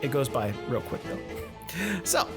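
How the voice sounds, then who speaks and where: A man's voice: medium pitch, huge pitch swings, unhurried. A man hosting a podcast, talking in a casual, playful way and laughing at himself. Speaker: podcast host. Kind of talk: casual podcast intro and interview. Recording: music bed under the voice.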